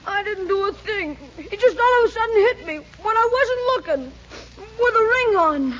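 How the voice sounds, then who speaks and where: A very high, piping little-boy voice, whining and protesting through tears. He sounds proud and stubborn. It comes from a dull old radio broadcast with faint hiss. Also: lively intonation, moderate pace, pushed and bright, full character voice. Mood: sulky. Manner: whiny, tearful protesting.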